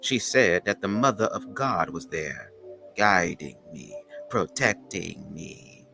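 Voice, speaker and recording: A man voicing a stately older woman poet, reading slowly and solemnly in a Southern accent. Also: sits low, lively intonation, vocal fry, sharp tone, soft background music, full character voice. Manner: slow, measured, dramatic recitation. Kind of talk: dramatic poem reading.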